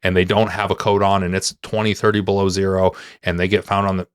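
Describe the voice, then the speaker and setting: A man with a very deep voice hosts a relaxed interview and rambles easily through his own stories, swearing now and then. He is recorded close and dry. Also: fast talker, clear, resonant tone, no room sound. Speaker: podcast host, conflict reporter. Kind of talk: casual interview chat.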